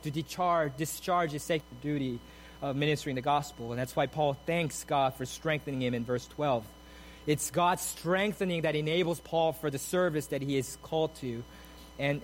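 High-voiced man preaching a sermon. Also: slight background noise, low-quality recording. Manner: emphatic, builds to soaring repeated phrases; explains the text in a steady teaching tone. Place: church sanctuary.

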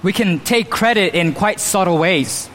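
A man's voice: lively intonation, measured pace, fairly bright tone, slight background noise. A man preaching a sermon as pastor, emphatic, at times mimicking boastful speech. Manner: emphatic, acts out quoted boasts with raised pitch. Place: church. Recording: long reverb of a church hall.

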